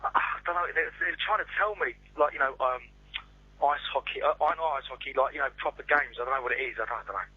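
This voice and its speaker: A man's voice: mid-range voice, quick pace, husky. A male singer calling in to a radio show, chatty and stumbling, repeating himself as he talks, heard over a phone line. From England. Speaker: pop singer, phone guest. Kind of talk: casual phone interview.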